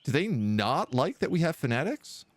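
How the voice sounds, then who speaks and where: In a dry recording, this man's fairly high, sing-song voice moves at a normal pace. He's a Quebec-based streamer playing a kingdom sim, chatting and musing aloud with casual, wry live commentary on the strategy game.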